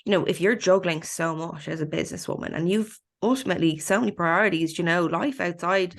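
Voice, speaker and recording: A woman's voice: fairly low pitch, fairly quick, creaky. A woman co-hosting a podcast, reflecting supportively on her guest's point in casual chat. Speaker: podcast co-host.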